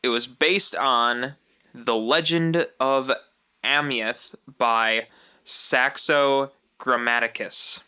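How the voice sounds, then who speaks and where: A man's voice: mid-range voice, steady tone, extremely slow, bright, forceful tone, clear, resonant tone. A man co-hosting a film podcast in casual chat, playful and reading out film details. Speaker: podcast co-host.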